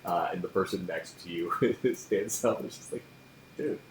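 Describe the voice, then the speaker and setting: A man's voice: low-pitched, normal speed, a little hiss or hum. A man narrating a tabletop game as game master, casual and laughing often, in an echoey room.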